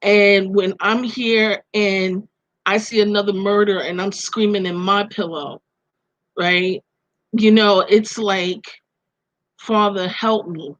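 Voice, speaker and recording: A woman's voice: mid-range voice, steady tone, slow pace, no echo, dull audio. A middle-aged woman with a Brooklyn accent, a podcast guest telling personal stories over a video call in an earnest, reflective way. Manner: earnest, reflective, speaks of faith and loss.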